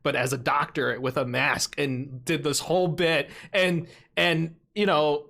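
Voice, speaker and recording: A man co-hosting a podcast, telling a story casually and getting animated and laughing as he goes. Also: fairly high pitch, a little slow, vocal fry. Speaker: podcast co-host.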